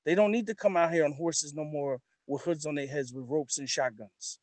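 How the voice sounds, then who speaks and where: A man's voice: on the high side, steady tone, moderate pace, a little mellow, dry recording. A man talking as a guest on a talk show, emphatic and repetitive, building his points through rhetorical questions. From New York. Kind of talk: impassioned talk-show commentary.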